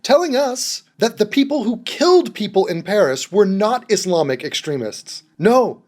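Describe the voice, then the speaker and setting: Young male reaction host, sarcastic and profane, very lively intonation. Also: high-pitched, moderate pace. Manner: sarcastic, mocking, swears often. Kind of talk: profane mocking commentary over a clip.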